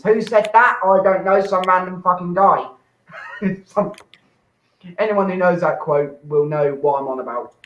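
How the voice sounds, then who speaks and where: A young man hosting and doing a rambling, sweary stand-up set from his flat, breaking into sudden shouts. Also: sits high, unhurried. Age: young adult. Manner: rambling, swearing, self-interrupting, shouting bursts. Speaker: host and stand-up comic. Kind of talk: stand-up set on an online open mic. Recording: echoey, dull lo-fi home mic.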